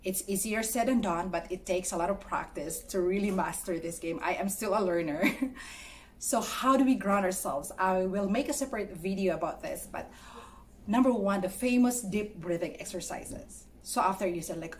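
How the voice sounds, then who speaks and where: A woman vlogger talking to camera in a soft, earnest, encouraging way, walking viewers through mindfulness steps. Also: medium pitch, normal speed, a little hiss or hum. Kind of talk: gentle instructional talk to camera.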